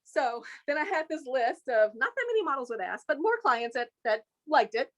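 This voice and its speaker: In this interview, a female guest from Inglewood, California, spins animated stories, imitating voices with energy and jumping quickly in pitch.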